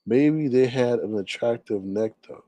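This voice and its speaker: A man's voice: mid-range voice, measured pace, no room sound. Indignant man ranting in a dry close voice. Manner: loud, indignant, drawling, swings between outbursts and mutters. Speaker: caller on a live talk stream. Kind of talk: animated casual ranting.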